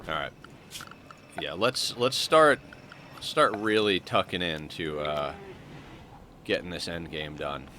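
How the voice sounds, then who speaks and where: A man's voice: deep voice, slow pace, long pauses, pushed and bright, a little hiss or hum. A man casually commenting on his game as he plays, stuffed up with a morning voice and rambling with fillers as he thinks aloud. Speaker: streamer playing a colony sim.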